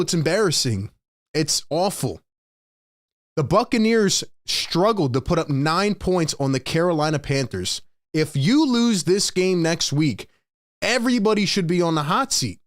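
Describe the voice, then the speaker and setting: A young man hosts a live postgame stream, his voice sitting a little high. He rants with exasperation, hammering points home by saying them twice. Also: animated, moderate pace. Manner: exasperated, emphatic, repeats lines for effect. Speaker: sports show host.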